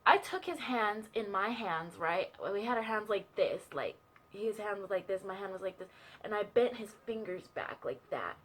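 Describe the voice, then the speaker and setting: A woman's voice: mid-range voice, moderate pace. Young woman, chatty, casual storytelling, fillers, asides, personal testimony. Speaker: vlogger sharing a testimony.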